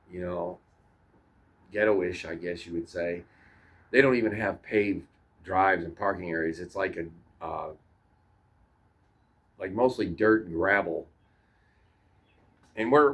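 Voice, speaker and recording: A man casually telling childhood stories in a rambling, profane way, often repeating and restarting his words. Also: fairly low pitch. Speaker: storyteller. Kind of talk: casual storytelling to camera.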